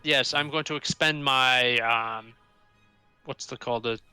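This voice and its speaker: A man playing a tabletop game, his voice very bright and crisp. He talks through his character's moves in a hesitant way, pausing to find his words. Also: medium pitch, fairly even intonation, no room sound, soft background music. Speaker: player.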